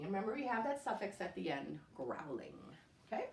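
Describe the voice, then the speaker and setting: A woman's voice: on the low side, big pitch swings, normal speed, vocal fry, recorded from a distance. A woman teaching a recorded spelling lesson at home, patiently sounding out words letter by letter. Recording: echoey room, voice off-mic.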